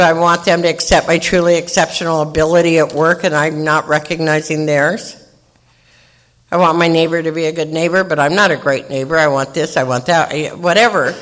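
A woman's voice: lowish voice, a bit bright. A woman in her sixties from California tells her recovery story at a meeting. She is candid and self-mocking, and she acts out the people in her story. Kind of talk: personal recovery share.

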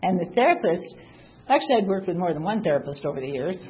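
A woman's voice: on the low side, sing-song, fast talker, muffled recording, slight background noise. Chatty woman telling her recovery story. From Southern California. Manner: candid and chatty, many "you know" fillers, wry laughs. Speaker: speaker sharing at a recovery meeting. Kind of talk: personal recovery story, casual.

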